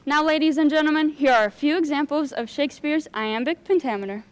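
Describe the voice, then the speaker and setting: A woman's voice: high voice, fairly quick, natural voice. A young woman as a bossy practical troupe leader. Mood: organizing. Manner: bossy, organizing. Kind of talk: high school stage play.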